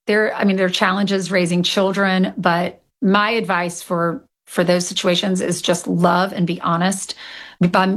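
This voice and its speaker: A woman being interviewed about her children's book, speaking in an earnest, candid and talkative way. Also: medium pitch. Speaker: guest author of a children's book. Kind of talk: conversational interview.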